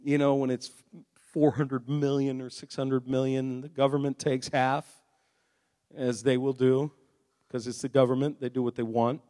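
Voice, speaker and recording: A male pastor preaching a sermon, swelling from steady talk into loud, emphatic passages. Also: mid-range voice, normal speed, in a large hall.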